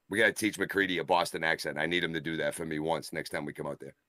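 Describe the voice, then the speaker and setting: Co-host type, man with a deep voice, jokey and quick to laugh, dry mic. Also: steady tone, pushed and bright, no echo. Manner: joking, laughs often, slips into put-on Boston voices. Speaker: wrestling show co-host. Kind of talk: casual live-stream banter.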